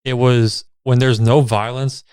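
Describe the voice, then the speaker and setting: A man's voice: mid-range voice, flat delivery, unhurried, a little mellow, clean tone. A man co-hosting a casual movie review podcast, retelling scenes in a laid-back, profane way. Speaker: podcast co-host.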